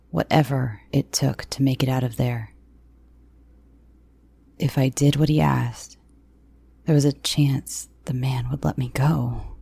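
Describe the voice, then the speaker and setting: Woman, horror story narrator, low gravelly voice, hushed half-whisper, slow reading, dry close sound. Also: no room sound. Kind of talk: scripted first-person horror narration.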